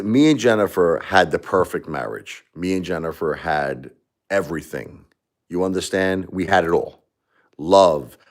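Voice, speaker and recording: Brief: middle-aged man, very low voice, rambling and heartfelt, hosting his own livestream. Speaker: livestream host. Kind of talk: casual livestream talk.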